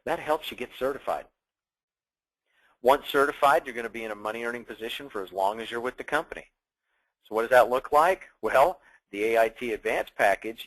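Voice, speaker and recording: A man's voice: mid-range voice, a bit bright, poor audio. A man presenting a sales training, upbeat and emphatic like a salesman.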